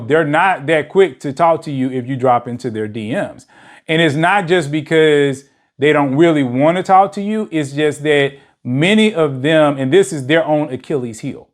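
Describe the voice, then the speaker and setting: A man hosting a dating channel, talking in a loose, rambling way and packing his speech with "you know" fillers. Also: a little high. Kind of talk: casual monologue to camera. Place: lives in a big city.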